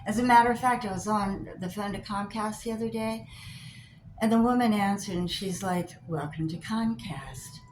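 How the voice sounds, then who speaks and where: An older woman chatting to camera as a vlogger, telling stories in an animated way and acting out both sides of her phone calls. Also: mid-range voice, normal speed. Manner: animated storyteller, acts out both sides of calls, gets loud when riled. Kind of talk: casual chat to camera. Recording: echoey room with faint hiss.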